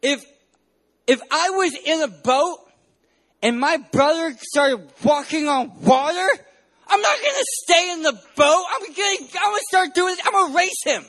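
Preacher, young man from San Diego, very high voice, playful and animated, punches lines loudly. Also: a little slow. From San Diego, California. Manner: playful, animated storytelling, bursts of loud emphasis. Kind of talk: sermon with personal stories.

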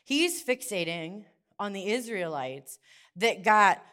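A middle-aged woman preaching in church, telling a lively personal story and acting out the dialogue in hushed and excited voices. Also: mid-range voice, takes it slowly, clear, resonant tone. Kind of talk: sermon with storytelling.

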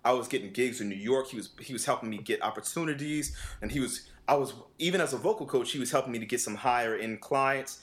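A vocal coach in casual conversation, telling a story with lots of acted-out dialogue, laughing often and swearing casually. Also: male voice, medium pitch, quick pace, few pauses. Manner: animated, acts out quoted dialogue with voice shifts.

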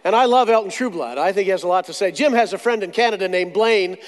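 A man preaching a sermon, telling stories with jokes and slow, dramatic pauses. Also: high-pitched. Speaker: pastor. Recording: long hall reverb.

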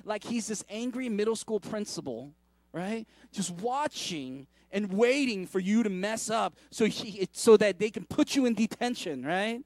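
High-voiced man preaching casually. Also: animated, a little slow, dry recording. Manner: casual, conversational preaching with many asides and restarts. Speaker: pastor. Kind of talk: sermon.

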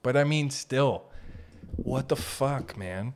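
A man's voice: mid-range voice, slow pace. Giggly, profane man riffing on a podcast. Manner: giggly, profane, jumps between jokes. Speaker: podcast host. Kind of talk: rambling comedic monologue.

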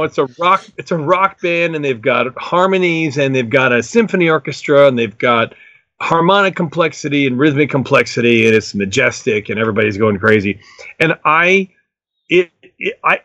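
A man's voice: medium pitch, fairly bright tone, dry recording, dull audio. A middle-aged man, a musician guest, telling stories enthusiastically in a rambling way full of fillers. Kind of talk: casual storytelling interview.

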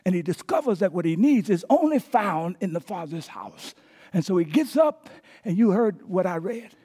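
Husky high-voiced preacher man. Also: moderate pace. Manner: animated preaching with call-outs to the congregation. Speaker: pastor. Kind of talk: sermon.

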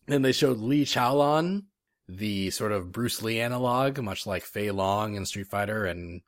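A man co-hosts a gaming podcast in a relaxed, enthusiastic chat, full of fillers and quick laughs. His voice sits low and sounds dry and close to the mic. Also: no echo. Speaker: podcast co-host. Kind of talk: casual chat.

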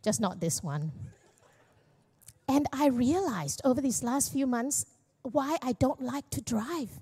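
A middle-aged woman pastor with a somewhat high voice shares a personal testimony from the church stage. She speaks candidly and pokes fun at herself, slipping jokes into a heartfelt sermon. Her tone stays conversational and unpolished. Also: expressive, takes it slowly, dark tone, husky. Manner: candid, self-deprecating and joking. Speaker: young adults pastor.

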